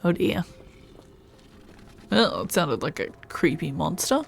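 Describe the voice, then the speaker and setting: A woman streams a video game and thinks aloud as she plays, puzzling things out to herself. Her voice sits a little low and she talks slowly, with a faint hiss of noise behind her. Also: sing-song, creaky. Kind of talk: casual gameplay commentary.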